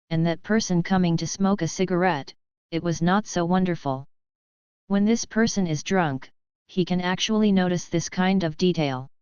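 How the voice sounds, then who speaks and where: A woman narrates an audiobook in an even, steady read. Her voice is low and very clear, set in a dry, close space, and the recording sounds slightly dull and muffled. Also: no echo. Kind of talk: scripted narration.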